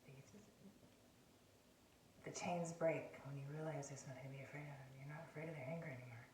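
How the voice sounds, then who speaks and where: A woman's voice: sits low, steady tone, very fast, a little mellow, slight background noise. Woman, casual advice talk, repeats herself, sinks to whispers, roomy echo, distant from the mic. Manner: rambling, repeats phrases, often drops to a whisper. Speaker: self-help video host. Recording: roomy sound, distant from the mic, faint ambience.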